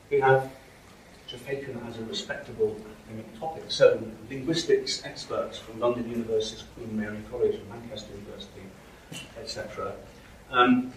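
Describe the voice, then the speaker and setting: This is a middle-aged man's university linguistics lecture, delivered hesitantly with frequent ums and restarts in a mid-range voice. A room mic at a distance picks him up in an echoey lecture hall, and there is slight background noise.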